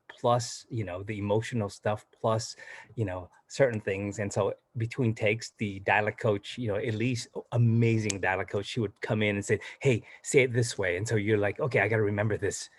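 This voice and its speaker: A man's voice: lowish voice, no echo. A middle-aged man from southern Vietnam, an actor guest, chatting casually in an interview with many fillers and restarts.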